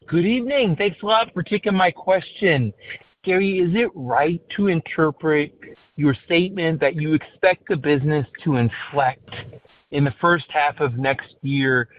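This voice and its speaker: A man with a somewhat high voice puts polite, carefully structured questions to management on an earnings call. His audio is thin and phone-like. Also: unhurried, no room sound. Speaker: financial analyst. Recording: tinny phone line.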